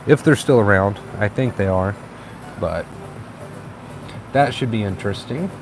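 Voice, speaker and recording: A man hosting a casual live stream, chatting in a relaxed, encouraging way and reading viewer comments aloud. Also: fairly low pitch, a little slow, noisy background. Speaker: livestream host.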